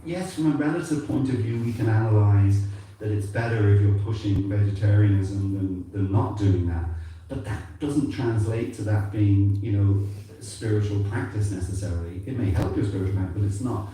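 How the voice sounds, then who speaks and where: A man born in England gives a rambling, conversational sermon with an accent that mixes English and Irish. His voice sits low and dark, with a mellow tone. He is heard from a distance in a very echoey temple hall. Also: normal speed. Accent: mixed English and Irish. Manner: conversational, rambling, frequent "you know". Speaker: temple speaker.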